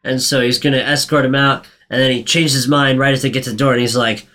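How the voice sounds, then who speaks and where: A man in casual conversation, retelling a movie plot with lively gusto. He swears freely and jumps into squeaky voices for the characters, while his throat sounds a bit worn. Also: fast, hardly any pauses. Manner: animated storyteller, swears, acts out quotes in a high voice. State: sore throat. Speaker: podcast co-host recapping a film. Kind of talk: casual chat.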